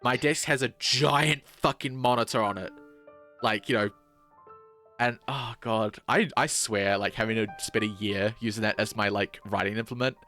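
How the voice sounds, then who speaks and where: A man's voice: lowish voice, fairly even intonation, moderate pace, sharp tone, soft background music. A man in his twenties with a New Zealand accent, chatting casually on a game stream, rambling and swearing often. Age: 20s.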